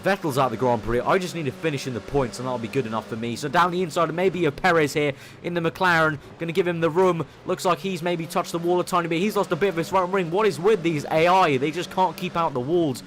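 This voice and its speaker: A young man giving eager play-by-play commentary over his own racing game, getting excitable when he overtakes. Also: fairly high pitch, fast talker, few pauses, a little hiss or hum. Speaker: gaming commentator.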